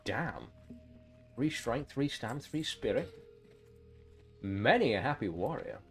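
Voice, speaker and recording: A man's voice: medium pitch, very animated, unhurried, a bit bright, soft background music. A man giving sarcastic, exasperated running commentary while streaming a game. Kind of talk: live gameplay commentary.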